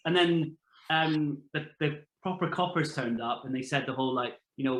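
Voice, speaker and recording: A man's voice: a little high, moderate pace, fairly bright tone, roomy sound, rough recording. A man, a podcast guest, chatting casually and telling anecdotes, swearing now and then. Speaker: podcast guest, former reality show contestant. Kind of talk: casual storytelling chat.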